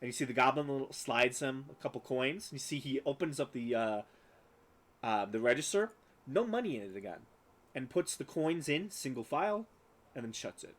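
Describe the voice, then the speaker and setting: A man narrates a tabletop game as game master, describing scenes at length. His voice sits at a middling pitch, and his delivery is loose, with frequent fillers. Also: animated, a little fast, low-quality recording.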